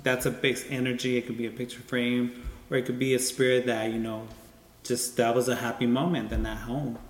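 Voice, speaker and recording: Calm man explaining spirits, echoey room. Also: mid-range voice, brisk. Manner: calm, explaining with many "you know"s. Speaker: spiritual medium. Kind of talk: casual chat. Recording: echoey room with long reverb.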